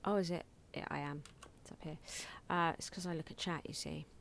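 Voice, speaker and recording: A woman's voice: deep voice, steady tone, brisk, creaky, a bit bright, a little hiss or hum. Giggly woman streaming a game. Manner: chatty, giggly, talking to chat while playing. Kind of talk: casual live-stream commentary.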